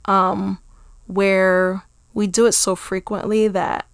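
A woman teacher talking in a calm, matter-of-fact way in casual conversation. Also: medium pitch, slow pace, vocal fry, clear, resonant tone, no room sound, studio quality.

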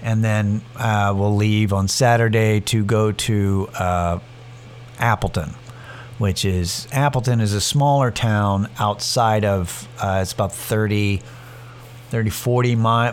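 A man's voice: lowish voice, a little hiss or hum. A man hosting a podcast, telling a rambling, profane story in a casual way with many restarts. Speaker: podcast host.

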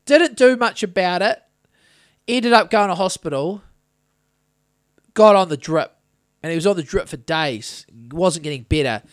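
A man with a fairly high voice rambles through a tale on a casual podcast, swearing freely. He sounds close and dry, with no room around him. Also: lively intonation, unhurried, long pauses, no echo. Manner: rambling, swearing anecdotal storyteller. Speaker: podcast host.

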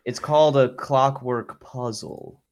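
A man's voice: medium pitch, fairly even intonation, slow pace. A young man co-hosting a casual chat, rambling through stories with plenty of fillers. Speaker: podcast co-host.

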